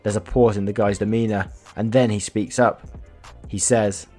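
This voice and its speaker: A man's voice: on the low side, little pitch movement, brisk, a little mellow, soft background music. A man reading online stories aloud as a YouTuber, casual, swearing, breaking off to react and comment. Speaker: storytelling YouTuber.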